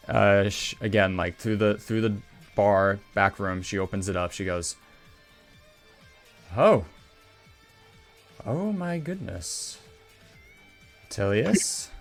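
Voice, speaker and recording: A man narrates as game master in a loose, casual way with frequent restarts. His voice sits low. Faint music runs underneath.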